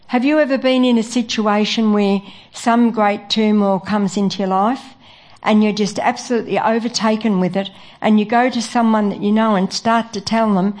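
A woman preaching a sermon in an earnest way, pausing often with fillers. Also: on the high side, fairly even intonation, darkish tone. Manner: earnest, with frequent filler pauses.

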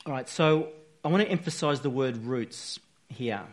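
Male preacher, mid-pitched, earnest and chatty, informal sermon delivery. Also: moderate pace. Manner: earnest, conversational, with frequent restarts and "you know".

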